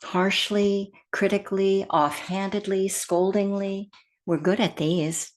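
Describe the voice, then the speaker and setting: A woman giving a meditation talk as a teacher, speaking gently and softly and sometimes dropping to a whisper. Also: mid-range voice, fairly even intonation, slow pace. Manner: gentle and soft-spoken, with hushed whispered phrases.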